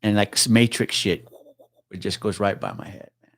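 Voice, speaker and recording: A man in his forties, a retired police officer, telling a profane, animated story as a podcast guest. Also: fairly low pitch, normal speed, dry recording. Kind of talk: casual storytelling chat.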